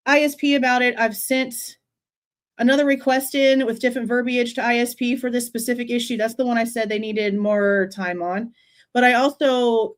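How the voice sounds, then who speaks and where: Woman, high voice, true crime livestream host, chatty and exasperated, greets viewers by name. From Texas.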